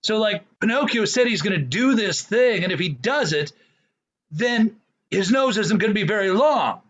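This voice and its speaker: Man, high voice, spaced-out drawl, rambling improv panelist. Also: expressive, moderate pace, fairly bright tone. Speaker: comedy game panelist. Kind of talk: improv comedy.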